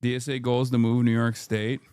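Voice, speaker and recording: A man's voice: mid-range voice, flat delivery, normal speed, a little mellow, clean tone, no room sound. A man streaming, commenting on news clips in a casual, sarcastic way.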